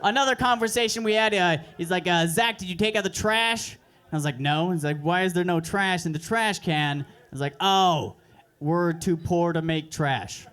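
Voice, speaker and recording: High-voiced young man doing crude deadpan stand-up. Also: moderate pace. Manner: deadpan, crude, self-mocking delivery. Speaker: stand-up comedian. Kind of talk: stand-up set at an open mic. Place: comedy club stage.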